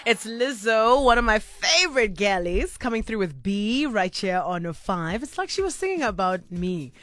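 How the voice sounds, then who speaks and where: A woman's voice: medium pitch, sing-song, moderate pace, fairly bright tone. A woman with a South African accent hosting a late-night radio show, bubbly and chatty, laughing often. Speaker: radio host. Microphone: studio microphone.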